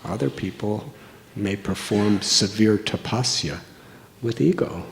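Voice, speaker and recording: A monk in his sixties delivers a sermon, telling stories in a slow, earnest way with long pauses. His voice is gravelly and mellow, and he never hurries. A faint hiss sits behind him. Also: fairly low pitch. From United States. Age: 60s. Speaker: monk giving a religious discourse.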